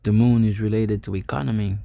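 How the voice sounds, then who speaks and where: A man in casual chat, talking in a halting way and often repeating himself. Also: lowish voice, steady tone, creaky, dark tone, dry recording.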